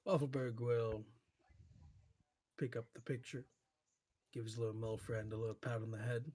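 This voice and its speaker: A man's voice: medium pitch, flat delivery, normal speed, darkish tone, husky. A man playing in a tabletop game, describing his character's actions in a hesitant way with frequent trailing off. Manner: hesitant, trails off, many fillers. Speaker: player. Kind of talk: tabletop role-play chat.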